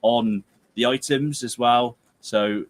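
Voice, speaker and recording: A rambling, jokey young man with a Herefordshire and Gloucestershire accent runs a casual football livestream from home. He reads viewer comments and sounds tired. His voice sits at an ordinary, middle pitch for a man. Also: takes it slowly. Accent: Gloucestershire/Herefordshire English. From England. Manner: chatty, jokey, rambling, with playful outbursts.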